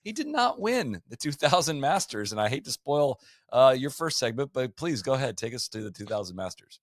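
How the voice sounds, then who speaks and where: A man co-hosting a podcast in casual chat, animated and often restarting his sentences. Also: medium pitch, fairly quick, no echo, studio quality. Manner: animated, with frequent restarts and stumbles. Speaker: podcast co-host.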